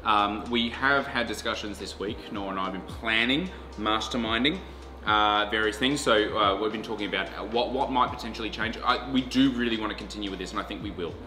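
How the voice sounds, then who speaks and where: A man's voice: on the low side, a little fast, pushed and bright. A man hosting a casual wine livestream chat, reading out viewer comments as he goes. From Australia. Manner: chatty, reads out viewer comments. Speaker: podcast host. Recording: echoey room with faint music.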